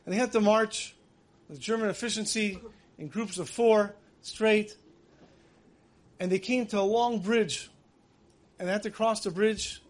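A man's voice: high voice, measured pace, pauses often. A man giving a dramatic sermon, telling stories vividly and acting out the voices he quotes.

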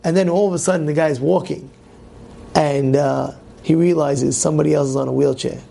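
A man, a rabbi, giving an animated sermon on the weekly portion, asking rhetorical questions and acting out voices of complaining people. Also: a little fast, vocal fry, a little hiss or hum. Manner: animated storytelling, acts out complaining voices in loud high shouts; repetitive, rhetorical questions to the listeners.

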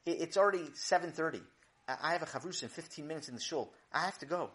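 A man voicing an excitable, studious boy who stammers. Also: fairly high pitch, fast talker, voice pushed up, close to an everyday voice.

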